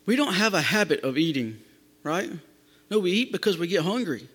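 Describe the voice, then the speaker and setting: High-voiced preacher echoing through a hall. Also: male voice, big pitch swings, fairly quick, a bit bright. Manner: emphatic, repeats phrases for stress. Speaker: pastor. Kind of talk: sermon. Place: church sanctuary. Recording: long hall reverb.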